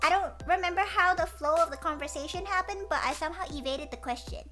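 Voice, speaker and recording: A woman streamer chatting casually and telling a story in an animated way, swearing and restarting often. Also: extremely high pitch, fast. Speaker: streamer host. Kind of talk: casual chat. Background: background music.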